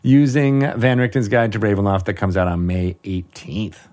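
Low-voiced man hosting a chatty podcast. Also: fairly even intonation, normal speed, darkish tone. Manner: friendly, rambling with many fillers. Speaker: podcast host. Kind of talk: casual chat.

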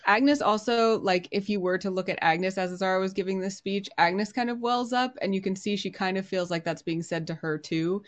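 A woman's voice: mid-range voice, steady tone, a little fast, few pauses. A woman playing a tabletop game, chatty and full of fillers as she describes her character. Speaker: player.

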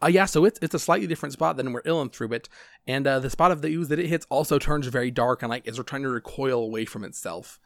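Gravelly man running a tabletop game. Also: mid-range voice, fast, no room sound. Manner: rambling, filler-heavy, relaxed. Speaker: game master.

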